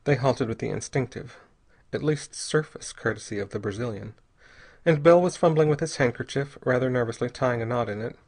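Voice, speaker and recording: A man narrating an audiobook chapter in a steady, even reading voice. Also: mid-range voice, brisk. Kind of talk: scripted narration.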